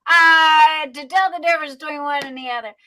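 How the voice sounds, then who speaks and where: Casual woman livestream host; slightly high, bright voice; folksy filler-heavy delivery. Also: steady tone, fairly quick, rough recording. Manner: chatty, folksy, many fillers and restarts. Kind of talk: casual live-stream product chat.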